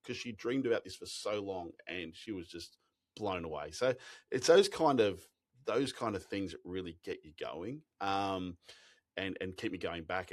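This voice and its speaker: An Australian man with a lowish voice tells travel stories in a relaxed interview. He talks in animated bursts, stumbling over restarts and breaking into laughter as he goes. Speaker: expedition company founder, guest. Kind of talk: casual storytelling interview.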